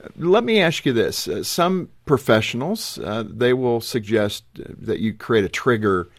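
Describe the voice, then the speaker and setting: A man's voice: mid-range voice, lively intonation, normal speed, dry recording, clean studio sound. A man hosting a Christian radio interview, asking questions in an affirming manner. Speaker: radio host.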